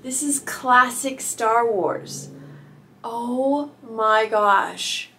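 Gushing high-voiced woman unboxing gifts. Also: very slow, slight background noise. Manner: gushing, excitable, squealing. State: teary-eyed. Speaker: author YouTuber. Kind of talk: unboxing vlog.

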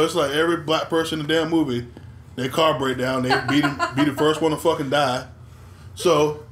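Animated bright-voiced man telling stories. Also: on the high side. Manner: animated storyteller, swears freely. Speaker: podcast co-host. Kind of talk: casual chat. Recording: echoey room.

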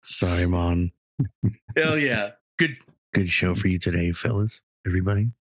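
A man co-hosting a podcast in casual banter, joking in a playfully hushed voice. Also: lowish voice, animated, fairly quick, no echo. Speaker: podcast co-host.

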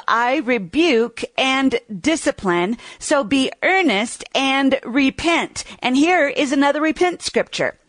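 A woman teaching a recorded Bible lesson, reading scripture slowly and with emphasis. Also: high voice, dry recording.

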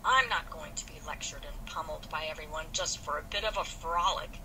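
A proud, sulky young man from an old novel who defends himself indignantly, as a woman reads his lines aloud. The voice sits low for a woman and carries a clear hiss of background noise. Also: brisk. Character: male youth, proud and sulky.

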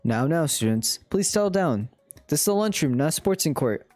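A man's voice: on the high side, expressive, moderate pace, darkish tone, no room sound, soft background music, lightly acted. A man voicing a fussy male teacher who lectures his students in a prim tone.

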